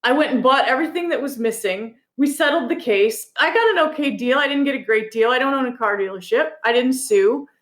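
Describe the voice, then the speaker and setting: Guest author, female, high voice, chatty storyteller, slight room echo. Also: a little fast, few pauses. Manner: animated, laughs while telling a story. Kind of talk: conversational storytelling.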